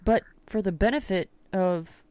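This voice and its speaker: A woman's voice: medium pitch, a little slow, mellow, no room sound. A woman hosting a talk radio podcast, telling stories in a casual, blunt way and swearing freely. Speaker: podcast host.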